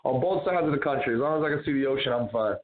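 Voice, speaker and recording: A man's voice: medium pitch, very fast. A man from New Jersey, a guest comedian in a casual chat, talking loosely with lots of "man" and "you know". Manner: chatty, lots of fillers like "man". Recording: tinny phone-like line.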